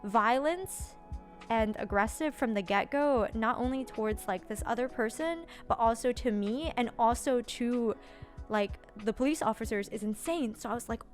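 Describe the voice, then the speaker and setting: A young woman streamer telling a story casually, animated, with lots of "like" and some swearing. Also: a little high, moderate pace, soft background music.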